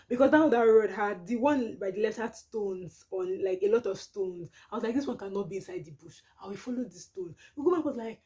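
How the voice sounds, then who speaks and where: A woman's voice: medium pitch, fairly quick, few pauses. A young Nigerian woman with a Nigerian accent, telling a dramatic storytime vlog with lots of exclamations. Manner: animated, dramatic retelling with exclamations. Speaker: vlogger.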